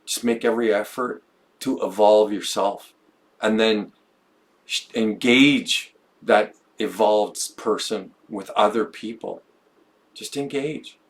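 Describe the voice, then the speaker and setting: Low-voiced man musing on a podcast. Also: takes it slowly. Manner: musing, stumbles and repeats words. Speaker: podcast co-host. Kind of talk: reflective conversational podcast talk.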